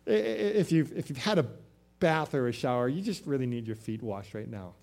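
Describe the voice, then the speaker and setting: A man preaching voices a calm, patient male teacher, speaking softly and low in a measured way. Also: vocal fry. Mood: gentle.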